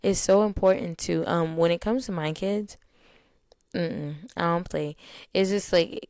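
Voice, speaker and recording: A woman's voice: on the low side, steady tone, moderate pace, gravelly, a little mellow, no echo, clean studio sound. A young adult woman talking openly to her listeners as a podcast host, chatty and candid, with many fillers. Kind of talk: casual personal talk to listeners.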